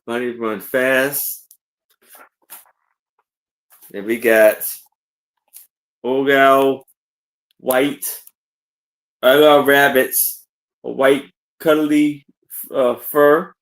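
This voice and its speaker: Slow-talking man showing a picture book. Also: mid-range voice, steady tone, a bit bright. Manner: plain, slow, simple phrasing. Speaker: co-host reading a picture book. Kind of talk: casual reading and chat.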